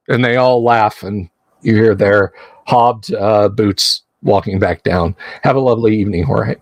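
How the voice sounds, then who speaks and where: A man running a tabletop game as game master, describing the scene in an unhurried, halting way. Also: lowish voice, no room sound, rough recording. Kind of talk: narrating a tabletop game livestream.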